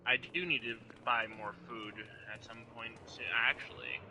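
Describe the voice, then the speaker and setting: Man, laid-back gamer banter, very bright tone. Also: mid-range voice, normal speed, a little hiss or hum, low-quality recording. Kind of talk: casual gameplay chat.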